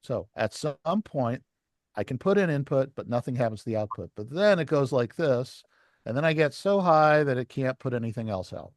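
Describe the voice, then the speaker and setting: A man's voice: medium pitch, lively intonation, moderate pace, dry recording. Man lecturing a class, dry sound. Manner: explains step by step, asks the class questions. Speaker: licensing class instructor.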